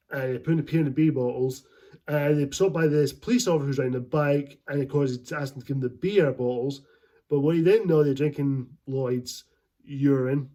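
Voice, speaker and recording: A man's voice: on the high side, mellow. A man giving a casual movie review, rambling and enthusiastic and laughing often as he talks.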